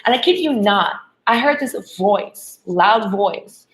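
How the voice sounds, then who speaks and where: A woman's voice: medium pitch, animated, slow pace, rough recording. A woman love coach giving a motivational spiritual talk to women, checking in with "okay?" and "right?" as she goes.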